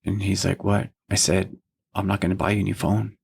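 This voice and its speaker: A man's voice: deep voice, flat delivery, fairly quick, vocal fry, a little mellow, husky. A man in his thirties co-hosting a faith podcast, telling a story about his son in a casual, earnest way and quoting what everyone said, with a lot of "you know what I mean.". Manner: heartfelt, earnest parental tone. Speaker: podcast co-host. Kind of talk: casual chat.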